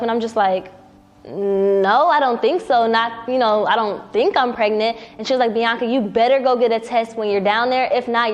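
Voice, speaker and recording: A young woman telling a personal story casually in a documentary interview, acting out what people said. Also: a little high. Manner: casual, acts out quoted dialogue with a rising voice.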